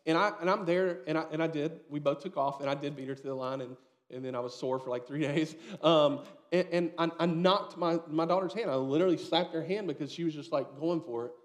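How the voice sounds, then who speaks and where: Male pastor, thirties, lively sermon, acts out voices, higher voice. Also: a little fast. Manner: storytelling, animated, acts out quoted dialogue.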